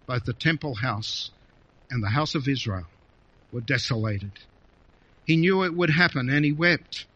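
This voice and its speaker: A man preaching a sermon, reading scripture aloud with feeling and expressive emphasis. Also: mid-range voice, unhurried, husky. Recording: dull lo-fi recording.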